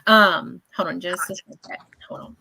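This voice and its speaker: Woman psychic, bright, forceful tone, chatty and reassuring. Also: fairly low pitch, normal speed, gravelly, slightly rough. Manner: chatty and animated, often checking in with "okay?". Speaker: psychic medium giving live readings. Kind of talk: live radio show reading.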